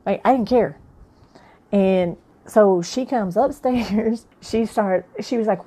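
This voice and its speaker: A woman's voice: medium pitch, slow, dark tone, breathy edge. A woman and author telling her own life story in a frank, plain-spoken, conversational way. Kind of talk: candid personal storytelling.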